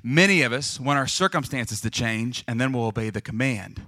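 A young male pastor preaches with a lively, joking delivery and acts out the voices of people in his stories. His voice sits at an ordinary middle pitch. The sound is dry and close, with almost no room echo. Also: normal speed. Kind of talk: sermon.

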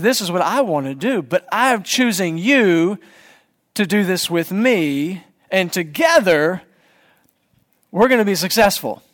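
A man in his forties, a pastor, giving a conversational sermon in church and putting questions to the congregation. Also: sits high.

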